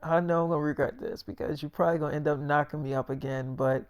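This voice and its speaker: Soft-spoken young wife, voiced by a male storyteller, hushed intimate tone, dry mic. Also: on the high side, fairly even intonation, quick pace, clear, resonant tone, no echo, natural voice. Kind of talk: freestyle storytelling.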